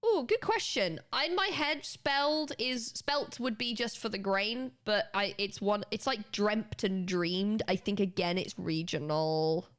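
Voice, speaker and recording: A young British woman streaming and chatting casually with her chat, animated and quick to laugh, with casual swearing. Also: mid-range voice. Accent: British English. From United Kingdom. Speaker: livestreamer.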